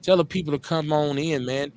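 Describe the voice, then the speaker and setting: Middle-aged midwest dude hosting a call-in show, chill, lots of slang, a bit of noise in the back. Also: male voice, fairly high pitch, steady tone, fairly quick, a little mellow. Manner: laid-back, slangy, drawls and repeats phrases. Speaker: radio show host. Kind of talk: casual live call-in show chat.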